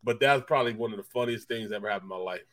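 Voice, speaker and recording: A man, a former pro football player, co-hosting a sports talk show and telling animated stories, laughing and repeating himself as he goes. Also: on the low side, very fast. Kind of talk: casual storytelling chat.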